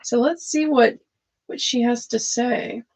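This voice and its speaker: A woman's voice: a little high, steady tone, unhurried, a little mellow, slight background noise. A woman, hosting a live tarot stream and chatting casually with viewers, laughing often. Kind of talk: casual live-stream chat with card readings. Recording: dull lo-fi stream audio.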